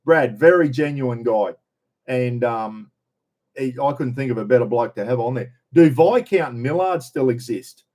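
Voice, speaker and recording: Australian man, middle-aged, mid-pitched voice, rambling casual livestream chat, blokey humour. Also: moderate pace, dark tone. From Queensland, Australia. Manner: chatty, rambling, blokey and jokey. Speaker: livestream host. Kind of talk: casual livestream chat reading viewer comments.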